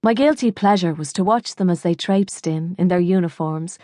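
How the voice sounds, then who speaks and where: A woman's voice: lowish voice, moderate pace, mellow, no echo. A woman with an Irish accent narrating a novel in the first person, wry and dry. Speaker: audiobook narrator. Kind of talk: scripted narration.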